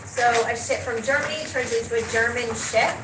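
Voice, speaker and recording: A woman teacher, leading a class in a brisk, direct way and often checking in with "okay?". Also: fairly high pitch, fairly even intonation. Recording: roomy and noisy classroom, picked up from a distance.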